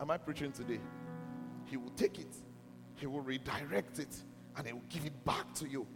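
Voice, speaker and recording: A man preaching a sermon to a church, emphatic and repeatedly asking whether his listeners are listening. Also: high voice. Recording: music under a long hall reverb.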